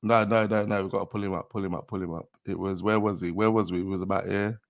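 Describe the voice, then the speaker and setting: A man hosting a casual reaction show, excitable and full of street slang. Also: low voice, fast, gravelly, no room sound, faint music behind. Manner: excitable, heavy street slang, breaks into laughter. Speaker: host reacting to a rap video.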